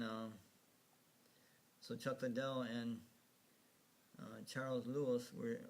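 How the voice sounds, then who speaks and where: Slow, rambling man narrating casually. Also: medium pitch. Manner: rambling, hesitant, with many fillers and restarts; chuckles at his own remarks. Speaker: video narrator. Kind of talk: casual slideshow commentary.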